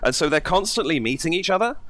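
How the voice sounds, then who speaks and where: A man's voice: a little high, lively intonation, fast talker, fairly bright tone, dry recording. A man hosting a reaction video, talking casually and enthusiastically as he breaks down vocal technique. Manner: enthusiastic, exclaims and analyzes singing technique. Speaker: reaction channel host.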